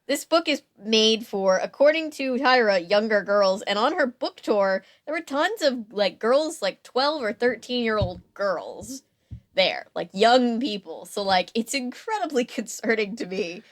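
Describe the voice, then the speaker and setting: A woman's voice: a little high, sing-song, a little slow. A woman co-hosting a podcast in casual chat, talking in a chatty, amused way with plenty of fillers and restarts. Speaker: podcast co-host.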